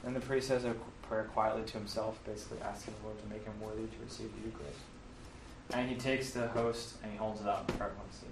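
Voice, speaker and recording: A man's voice: mid-range voice, steady tone, brisk, noisy background. A man casually walking listeners through the Mass, with fillers and self-corrections. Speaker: teacher explaining the Mass. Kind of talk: casual explanatory talk. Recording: roomy, from a distance, faint ambience.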